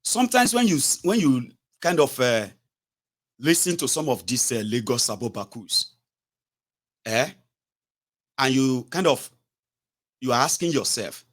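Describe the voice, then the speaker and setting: A man's voice: medium pitch, very animated, measured pace, pauses often. A Nigerian man with an accent mixing Yoruba and pidgin words, giving mocking political commentary full of exclamations and rhetorical questions.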